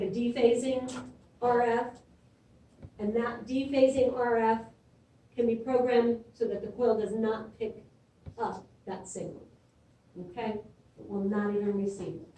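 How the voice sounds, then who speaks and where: Here the imaging instructor, a middle-aged woman, sounds a little high and warm as she teaches in a chatty way, often pausing to ask "okay?". A little hiss or hum sits under the audio, which is captured from a distance in an echoey room.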